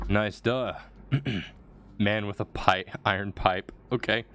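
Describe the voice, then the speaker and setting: A man's voice: on the low side, takes it slowly, a bit bright, soft background music. A man commentating his game playthrough with sarcastic, joking asides, voice a little strained. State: slightly strained voice. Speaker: gaming streamer. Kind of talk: let's play commentary.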